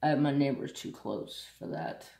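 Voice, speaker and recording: A man's voice: medium pitch, lively intonation, a little slow, gravelly, darkish tone, reverberant. A man hosting a craft channel, telling a country story bluntly and saltily in casual chat. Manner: blunt, salty rural storyteller.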